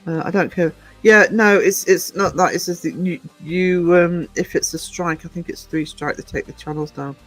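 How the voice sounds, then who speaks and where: British male channel host, casual and digressive, voice sits a little high. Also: steady tone, moderate pace, few pauses, fairly bright tone, soft background music, low-quality recording. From United Kingdom. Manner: chatty, rambling, digressive. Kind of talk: casual livestream chat.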